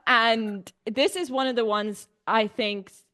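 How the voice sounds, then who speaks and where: A woman's voice: a little high, steady tone, measured pace, a bit bright. A woman co-hosting a podcast, enthusiastically discussing a film in casual chat, filling her talk with "like". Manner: enthusiastic, many fillers like "like". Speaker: podcast co-host.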